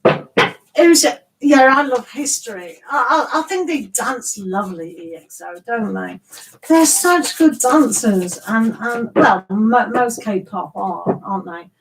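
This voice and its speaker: A woman's voice: on the high side, lively intonation, slow pace, a little hiss or hum, poor audio. A middle-aged woman chatting casually with viewers as a tarot reader on a live stream, rambling and teasing with laughs.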